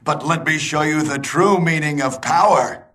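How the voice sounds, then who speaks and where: A man's voice: fairly high pitch, normal speed, a bit bright. A man voicing an overwrought heroic male vampire hunter in a video game, with melodramatic, overacted delivery. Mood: boastful.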